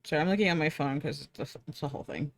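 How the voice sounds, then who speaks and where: A young woman streams live, drawing while she chats with viewers and herself, bubbly despite being sleepy and yawning. Her low, gravelly voice comes out rapid-fire over slight background noise.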